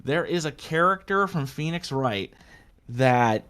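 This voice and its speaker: A man's voice: on the high side, animated, a little slow, a bit bright, smooth. A man running a tabletop game as game master, chatting loosely and swearing between laughs. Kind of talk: casual game narration.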